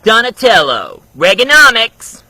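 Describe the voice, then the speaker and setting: A man voicing excited teenage turtle heroes, shouting high with surfer slang. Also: measured pace, husky, heavily acted. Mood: hyped. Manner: loud, high, hyped shouting.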